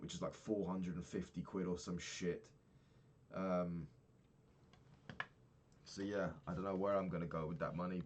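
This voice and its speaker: A young man in a casual diary vlog, rambling and swearing as he rants about his money. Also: low voice. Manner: rambling, swears a lot, ranting. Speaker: vlogger.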